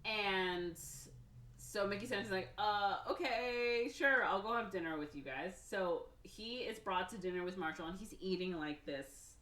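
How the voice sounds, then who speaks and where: A woman podcast host casually retelling a film's plot, slipping into quick voices for each character. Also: fairly low pitch, fairly bright tone. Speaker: podcast host recapping a film. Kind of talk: casual chat. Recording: echoey room, somewhat far from mic.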